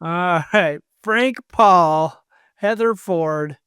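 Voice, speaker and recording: Podcast host, unhurried deadpan name-reader, smooth clear tone. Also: mid-range voice, dry recording, clean studio sound. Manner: playful, deadpan jokes between names. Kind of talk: casual comedic chat, reading supporter names.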